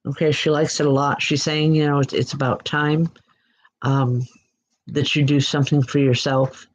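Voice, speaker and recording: A woman giving live online psychic readings in a gentle, reassuring way, often pausing and restarting her sentences. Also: low-pitched, little pitch movement, low-quality recording. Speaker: psychic medium. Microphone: computer mic.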